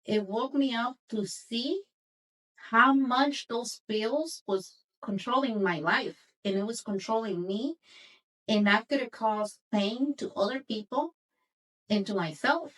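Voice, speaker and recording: Slow-talking woman telling her story. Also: fairly high pitch, fairly bright tone, recorded from a distance, rough recording. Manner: earnest, emotional, repeats herself for emphasis. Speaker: podcast host and coach. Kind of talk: personal storytelling.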